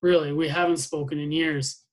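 A man's voice: a little high, fairly even intonation, normal speed, natural voice. A man voicing a nervous young lieutenant who speaks hesitantly and apologetically. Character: nervous young male lieutenant, anxious to please.

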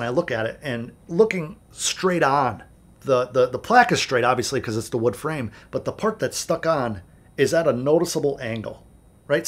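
A man with a slightly husky, mid-range voice tells a story straight to camera. He talks casually and candidly, swears freely and rambles with restarts. He sounds like a music producer vlogging. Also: medium pitch. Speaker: music producer and video host.

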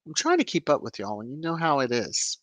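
A woman hosting a casual livestream, chatting and greeting viewers by name with lively rises in her voice. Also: low-pitched, fairly quick, no echo. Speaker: livestream host. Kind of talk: casual live chat reading viewer comments.

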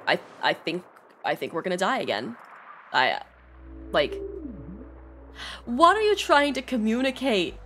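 A woman's voice: on the low side, fairly bright tone, a little hiss or hum. A young adult woman streamer giving casual gameplay commentary, stressed and swearing often. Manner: stressed, swears often, laughs, reads game text aloud. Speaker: streamer playing a video game. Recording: faint game music behind.

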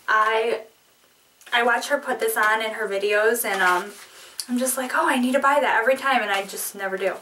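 A woman beauty vlogger in casual chat, opening a package, giggly, excitable and apologetic. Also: fairly high pitch, recorded from a distance, slight background noise, rough recording.

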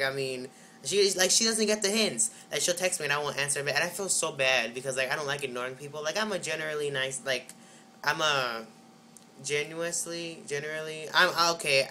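A man's voice: on the high side, sharp tone, a little hiss or hum. A teenage boy telling a story in a casual vlog, rambling with lots of fillers and sounding exasperated. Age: teens. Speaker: vlogger.

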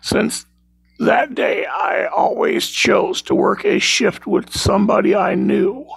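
A man's voice: high-pitched, slow, gravelly, a bit bright, breathy edge, no echo. A man telling a scary work story in a rambling, self-correcting way, recorded on a phone. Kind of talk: casual spoken scary story.

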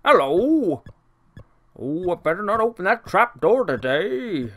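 A man's voice: high voice, sing-song, a little slow, fairly bright tone, voice pushed up, exaggerated voice. A man voicing a nervous little male monster servant who mutters to himself as he works. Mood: fretful.

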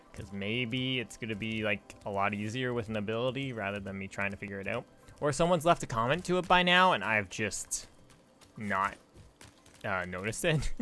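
A man giving casual, rambling commentary while playing a video game, chatty and quick to laugh. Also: lowish voice, sharp tone. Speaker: let's play host.

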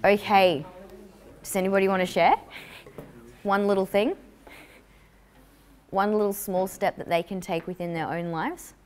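A woman's voice: mid-range voice, steady tone, normal speed, a little mellow, slight background noise. A woman giving an upbeat, jokey live talk to a young audience as a motivational speaker.

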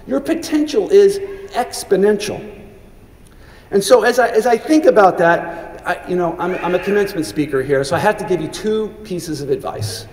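A middle-aged man with a high, expressive, slightly mellow voice gives a commencement speech at a normal speed in a large hall. He tells earnest stories with many restarts and briefly chokes up with emotion. The recording is echoey and reverberant.

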